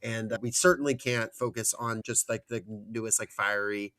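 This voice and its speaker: A man's voice: lowish voice, fairly even intonation, normal speed, sharp tone, no room sound, studio quality. A man from Georgia hosting a podcast, talking politics and news in casual chat with an earnest, wry tone. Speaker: podcast host.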